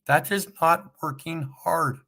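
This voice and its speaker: A man's voice: fairly high pitch, steady tone, slow pace, vocal fry, pushed and bright. A man delivering a sarcastic comic monologue as a YouTuber, boasting in mock seriousness and laughing at his own jokes.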